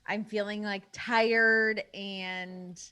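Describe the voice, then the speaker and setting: A woman's voice: mid-range voice, level tone, very slow, pushed and bright, smooth. A woman guest in a casual chat, talking in a chatty, easygoing way.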